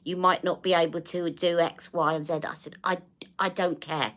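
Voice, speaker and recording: A woman's voice: on the low side, level tone, fairly quick, a bit bright. A middle-aged British woman chatting casually on a live stream, telling a long story with exasperation and acting out the dialogue. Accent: British English. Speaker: beauty live-stream host.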